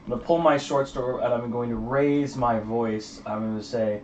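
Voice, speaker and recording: A man's voice: mid-range voice, moderate pace, hardly any pauses. Joking man player, echoey room. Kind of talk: casual tabletop game chat. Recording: dull, noisy, echoey, far-off mic.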